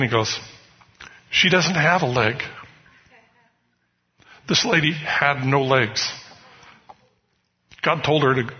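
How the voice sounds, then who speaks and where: A man's voice: medium pitch, slightly rough. A man preaching a sermon, telling personal stories in a conversational way. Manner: storytelling, conversational, often asks "you know what?". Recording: muffled hall recording with long reverb.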